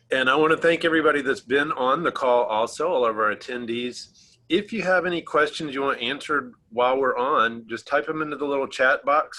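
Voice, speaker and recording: A man hosts a relaxed online travel talk over a video call. His voice is bright and ringing, and he talks in a friendly, easygoing way with small fillers and light laughs. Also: medium pitch, rough recording. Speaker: travel agency host. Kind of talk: casual virtual presentation.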